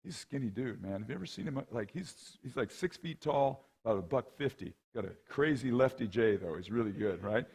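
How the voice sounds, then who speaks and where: A man's voice: mid-range voice, fairly quick, vocal fry, few pauses, husky. A middle-aged man, a rowing coach, giving a conversational storytelling talk at a men's conference and often checking in with "right?" and "okay?". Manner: lively, acts out the people in his anecdotes. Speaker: guest speaker and rowing coach.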